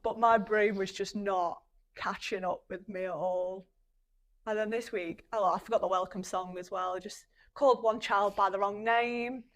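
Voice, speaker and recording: A woman's voice: medium pitch, fairly even intonation, moderate pace. A young woman hosting a podcast, telling parenting stories in a chatty way and laughing often. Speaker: podcast host. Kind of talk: casual chat.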